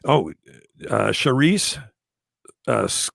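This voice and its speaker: Animated, gravelly-voiced joking man. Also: mid-range voice, slow pace, no echo, clean studio sound. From Canada. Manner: playful, joking, drops into mock accents. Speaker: podcast co-host. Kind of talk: casual live-stream chat. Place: at home, indoor room. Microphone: webcam or computer mic.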